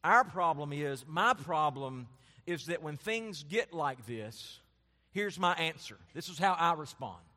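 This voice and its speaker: Speaking slowly and deliberately, this male pastor's sermon swells through emphatic, climbing lists and then falls away into hushed asides. His expressive voice runs on the high side, with a big-room sound around it.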